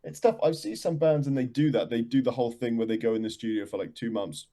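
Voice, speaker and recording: A man talks about his band's music in a loose, rambling way, often breaking off and starting his sentences over. His voice is dark and mellow, at an ordinary pitch, and he laughs easily as he talks. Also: fast. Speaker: band member, guest. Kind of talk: casual interview chat.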